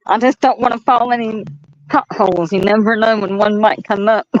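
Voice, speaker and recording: Speaking at a medium pitch with fairly even intonation, this mountain North Carolina woman strolls outside at night, laughing and chatting into her phone. Her stories run long, and the recording is muffled.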